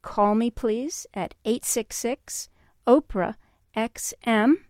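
A woman hosting a call-in radio show, speaking in a calm and reflective way and telling stories. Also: a little high, slow, no echo, studio quality.

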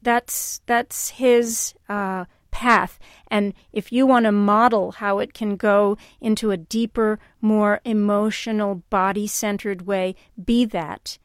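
Woman, call-in radio host, calm, reflective, dry close studio mic. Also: mid-range voice, slow, few pauses, no room sound.

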